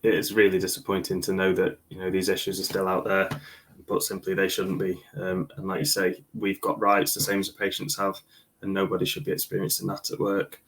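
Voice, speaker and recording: A man hosting a session who thanks the guest in a measured way. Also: low-pitched, completely flat delivery, a bit bright, a little hiss or hum, poor audio. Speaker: session host.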